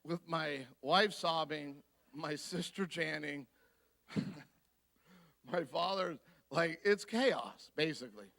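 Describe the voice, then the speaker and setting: A man giving a guest sermon, telling a personal story in an animated way and acting out the voices of the people in it. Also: fairly high pitch, slow, vocal fry, pauses often. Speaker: guest speaker. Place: church.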